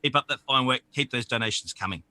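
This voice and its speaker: Bright, upbeat man signing off. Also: medium pitch, quick pace, no echo. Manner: enthusiastic and repetitive. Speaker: departing guest. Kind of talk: casual stream sign-off.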